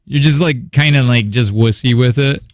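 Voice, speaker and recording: A man hosts a morning radio show in a studio, laughing and joking often through loose, rambling banter. He speaks at medium pitch and normal speed into a studio microphone, with no echo.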